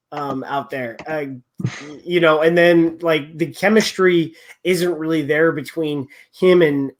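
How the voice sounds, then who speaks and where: A man hosting a casual sports podcast chat, rambling and often trailing off mid-thought. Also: fairly high pitch. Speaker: podcast host.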